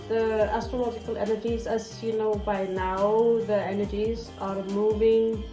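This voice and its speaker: A woman's voice: mid-range voice, little pitch movement, unhurried, few pauses, warm tone. A woman giving a spiritual tarot and astrology reading to her viewers, rambling from thought to thought with frequent hesitations. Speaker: tarot reader. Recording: echoey room with music behind.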